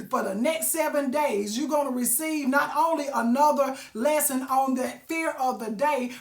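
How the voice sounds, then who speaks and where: Sassy lady preaching motivation, high voice, echoey room, keeps saying baby and honey. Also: a bit bright. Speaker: motivational vlogger. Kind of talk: casual motivational talk.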